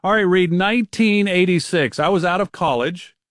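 A man's voice: high voice, moderate pace, a little hiss or hum. A man in his fifties hosting a radio show, talking in an upbeat, chatty way. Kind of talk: casual radio chat.

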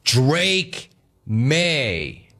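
A man's voice: medium pitch, big pitch swings, extremely slow, creaky, pushed and bright. A middle-aged man hosting a sports talk radio show, taking calls and ranting sarcastically.

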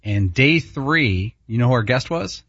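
Man, radio co-host, matter-of-fact, husky, dry dull recording. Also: mid-range voice, animated, unhurried, a bit bright, no room sound. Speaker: show co-host. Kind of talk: casual sports radio chat. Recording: dull lo-fi broadcast audio, off-mic.

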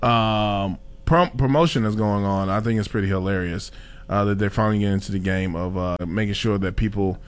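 A man's voice: fairly low pitch, brisk. A man hosting a casual talk show, reading a sponsor spot and rambling with lots of fillers and chuckles. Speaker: show host. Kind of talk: casual chat with a sponsor read.

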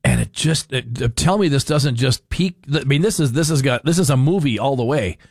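A man's voice: mid-range voice, brisk, a little mellow, no room sound. A man hosting a talk radio show, rambling wryly through the news with frequent chuckles, into a studio microphone. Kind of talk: casual talk radio commentary.

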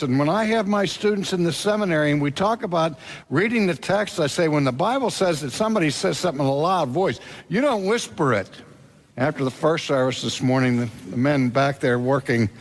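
A man preaching a sermon and retelling a scripture story with drama, talking straight to the congregation. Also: sits high. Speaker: pastor and seminary teacher.

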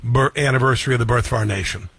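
A man's voice: medium pitch, racing, vocal fry, fairly bright tone, breathy edge, dry recording. A man hosting an interview, often breaking in with short agreements. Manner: affirming, frequent short agreements. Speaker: interview host.

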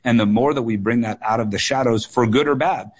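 A political candidate answering questions on a call-in radio show, earnest and measured, often repeating words and pausing on fillers. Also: male voice, medium pitch, darkish tone, breathy edge. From United States.

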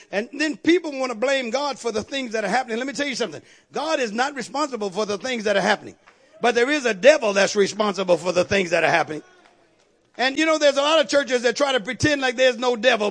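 A man preaching a sermon with fervor, repeatedly calling on the congregation to agree and building to shouted peaks. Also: very high-pitched. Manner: call-and-response, repeatedly asking the congregation to agree.

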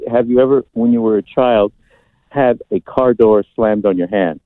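A man's voice: lowish voice, normal speed, dry recording. Male radio caller over a tinny phone line. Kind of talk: phone call to radio show.

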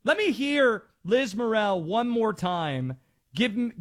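A man's voice: high voice, sing-song, slow pace. A man hosting a sports talk radio show, ranting in an emphatic, mocking way.

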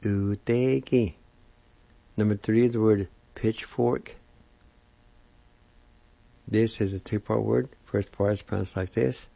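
Low gravelly guy teaching words real slow, dull lo-fi recording. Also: steady tone, warm tone, dry recording. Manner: patient, deliberate, repeats each word. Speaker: language teacher. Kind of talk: slow spelling and pronunciation lesson. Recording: dull lo-fi sound.

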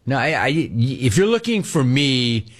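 Animated older man ranting on radio. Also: medium pitch, measured pace. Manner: animated rant with mocking voices. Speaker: sports radio host. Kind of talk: call-in radio talk.

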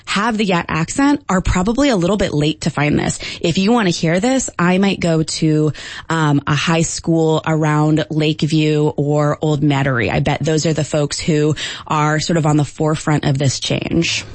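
A woman linguistics professor answering radio interview questions, explaining at a measured pace with frequent ums. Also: low-pitched, no room sound.

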